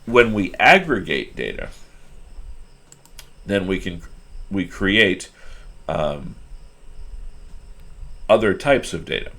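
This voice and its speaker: Low gravelly-voiced man teaching. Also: sing-song, slow pace, long pauses, fairly bright tone. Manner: explanatory, thinking aloud with fillers and restarts. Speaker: instructor. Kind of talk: screen-recorded lecture.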